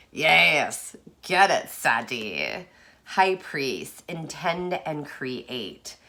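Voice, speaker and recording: A woman chatting casually through a tarot reading, effusive, moving from hushed asides to excited bursts. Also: deep voice. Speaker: tarot card reader.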